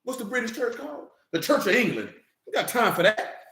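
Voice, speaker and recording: A man's voice: extremely high pitch, very animated, brisk, pushed and bright. A man preaching in a casual, blunt way, with profanity and jokes mixed into his teaching. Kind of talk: casual sermon-style teaching. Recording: roomy echo.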